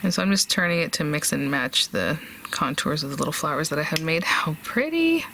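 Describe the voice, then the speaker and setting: A woman's voice: low-pitched, big pitch swings, a little fast, sharp tone, a little hiss or hum. A woman hosting a casual crafting tutorial, chatting and thinking aloud as she works, with fillers and small laughs.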